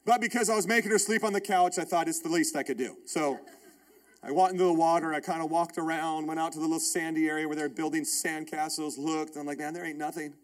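A man in his thirties, a pastor, preaching a sermon built around a personal story, told in an animated, emphatic way with repeated phrases. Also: fairly high pitch, fast talker.

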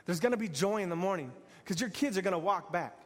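A man's voice: sits high, lively intonation, fast talker, in a large hall. A man preaching an earnest sermon in repeated, building phrases. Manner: earnest, repetitive, building to exhortation.

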